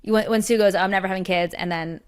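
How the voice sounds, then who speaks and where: A woman co-hosting a podcast in casual chat, animated and quick to laugh, acting out the lines she quotes. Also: medium pitch, clear, resonant tone. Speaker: podcast co-host.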